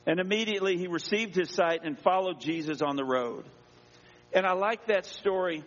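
Pitched high and animated, a man speaking at normal speed preaches as pastor in a church. He reads from scripture and acts out its voices with drama, captured in a dull, echoing church acoustic.

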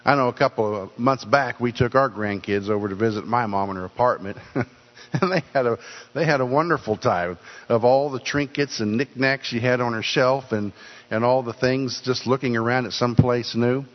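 A man's voice: medium pitch, moderate pace. An older man preaching a sermon in an earnest way, often repeating words for emphasis. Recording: dull sound with long hall reverb.

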